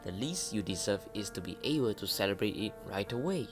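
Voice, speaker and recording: A man's voice: lowish voice, animated, fairly quick, lightly acted. A man reading the lines of a tough young woman near tears, in nearly his own voice, with game music behind. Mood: touched. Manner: reads lines plainly, barely changing voice.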